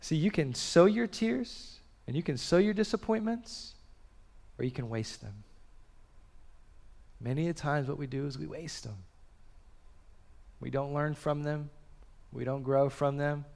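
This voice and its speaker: A male pastor delivering a sermon with a somewhat high voice. He swings between loud, urgent pushes and hushed, slowed-down lines. The sound carries a long reverb, as if he is in a large hall. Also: gravelly.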